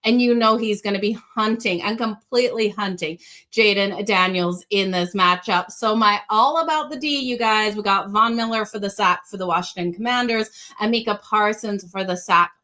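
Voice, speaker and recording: A woman with a slight Australian accent hosts a sports betting show. Her voice is bright and forward, and she sits at a middling pitch while running through picks in an upbeat, direct way. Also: steady tone, normal speed. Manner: upbeat, addresses viewers directly.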